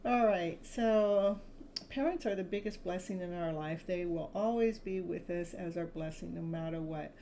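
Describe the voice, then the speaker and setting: A woman's voice: lowish voice, moderate pace, mellow, slight background noise, poor audio. A woman from California giving a live-stream tarot reading, speaking in soothing spiritual affirmations and laughing often. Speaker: tarot reader.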